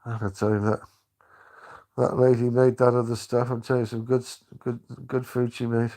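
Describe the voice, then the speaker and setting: Older guy rambling on a livestream, lots of restarts, pretty monotone. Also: medium pitch. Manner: rambling, halting, many restarts. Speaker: live streamer. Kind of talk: casual live-stream chat.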